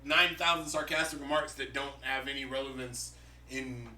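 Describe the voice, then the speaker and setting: A man's voice: medium pitch, fairly even intonation, normal speed, pushed and bright, roomy sound, recorded from a distance. A man co-hosting a casual podcast, laid-back and opinionated as he critiques comic book writing, swearing casually. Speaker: podcast co-host. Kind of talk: casual chat about comic books.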